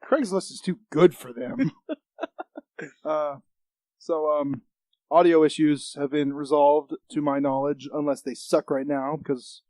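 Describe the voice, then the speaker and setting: Joking young man, slightly higher voice. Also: no room sound. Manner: joking, quick, animated storytelling. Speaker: podcast co-host. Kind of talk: casual chat. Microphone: studio mic with monitor.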